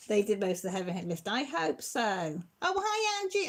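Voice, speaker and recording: A woman's voice: medium pitch, expressive, moderate pace, hardly any pauses. A middle-aged woman, hosting a casual livestream and chatting and teasing as she answers viewer comments. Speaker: channel host.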